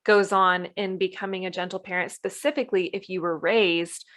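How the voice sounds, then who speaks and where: A woman's voice: lowish voice, steady tone, fairly quick, a bit bright. A woman co-hosting a podcast about parenting, talking casually and acting out parents' voices now and then. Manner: chatty, slips into playful voices when quoting parents. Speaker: podcast co-host.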